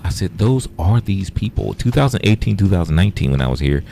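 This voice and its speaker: A man's voice: low-pitched, animated, quick pace, gravelly, hardly any pauses, darkish tone, slight background noise. A man hosting a casual livestream, bluntly retelling an argument with profanity and quoted back-and-forth. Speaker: livestream host.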